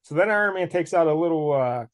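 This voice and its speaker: Male podcast co-host, slightly high voice, easygoing comic recap with jokey character voices. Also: expressive, fast. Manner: laughing, recaps plot with mock character voices. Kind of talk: casual comic book recap.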